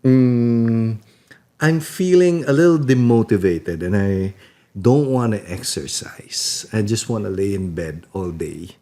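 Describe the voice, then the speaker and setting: A man's voice: lowish voice, lively intonation, measured pace, mellow. A man co-hosting a podcast in easygoing, casual chat. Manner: easygoing, laughs, switches into Tagalog. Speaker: podcast co-host.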